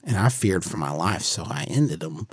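A man playing a shifty, smooth-talking mercenary who rambles and slips into a conspiratorial hush. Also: low voice, big pitch swings, moderate pace, dry recording, studio quality, heavily acted. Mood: sly.

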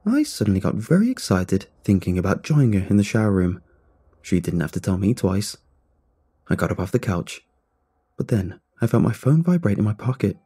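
A man narrating a scripted horror story in a measured, suspenseful way. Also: on the low side, warm tone, slightly rough.

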